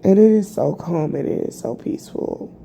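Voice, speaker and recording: A tired woman vlogging a rambling, halting personal reflection, full of fillers and restarts. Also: medium pitch, vocal fry, dark tone, slight background noise. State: tired, yawning. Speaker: spiritual vlogger.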